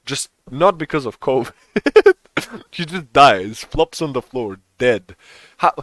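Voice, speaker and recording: A man's voice: mid-range voice, big pitch swings, takes it slowly, a bit bright, no echo. A young man co-hosting a podcast in a casual chat, rambling, swearing and laughing often. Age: young adult. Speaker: podcast co-host.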